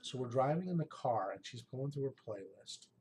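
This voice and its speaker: A man's voice: mid-range voice, animated, moderate pace, darkish tone, a little hiss or hum, poor audio. A man who runs a game master channel, speaking in an emotional, heartfelt vlog monologue to his viewers. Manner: emotional, heartfelt, addresses viewers as folks and guys. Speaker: game master giving tips.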